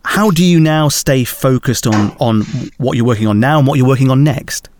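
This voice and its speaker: A man's voice: medium pitch, moderate pace, darkish tone, a little hiss or hum. A man interviewing a guest, starting over and rephrasing his question as he asks it.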